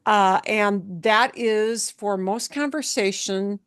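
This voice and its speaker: A woman's voice: mid-range voice, slow, clear, resonant tone, no echo, clean studio sound. A woman teaching a Spanish lesson, explaining words patiently and checking in with her listeners as she goes. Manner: patient, checks in with "yeah?" and "okay?".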